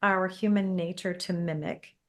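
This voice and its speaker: A woman's voice: on the low side, steady tone, normal speed. A woman hosting a podcast in casual interview chat, chatty and full of personal anecdotes. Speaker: podcast host.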